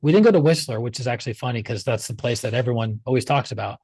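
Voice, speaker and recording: A man's voice: mid-range voice, fast talker, darkish tone, breathy edge, no room sound. A man in his forties, a guest in an interview, telling a personal story in a casual way and acting out past conversations.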